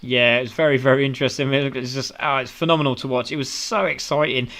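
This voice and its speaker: A man's voice: mid-range voice, fairly even intonation, fast talker, fairly bright tone. A man with a British accent doing upbeat post-race interviews as a sim racing commentator, full of praise for the drivers.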